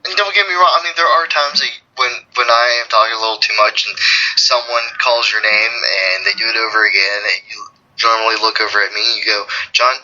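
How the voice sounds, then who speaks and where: Bright-voiced man rambling over a call. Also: fairly low pitch, steady tone, lo-fi sound. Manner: rambling, halting, many restarts. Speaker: podcast guest. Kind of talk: casual podcast chat.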